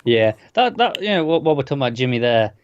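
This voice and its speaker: A man makes wry, incredulous remarks in a casual podcast chat. His voice sits at a middle pitch. The recording is dry and a little dull in the highs. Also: big pitch swings, fast, clear, resonant tone, dry recording. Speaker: podcast co-host.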